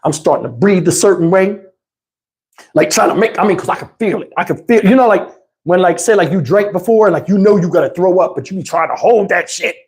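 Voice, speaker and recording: A man with a Texas accent telling a funny story in casual, animated vlog style, laughing and acting out the people in it. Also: high voice, fairly quick. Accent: Southern US, Texas. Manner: animated, swearing, laughs often, acts out the other people in the story. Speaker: vlogger.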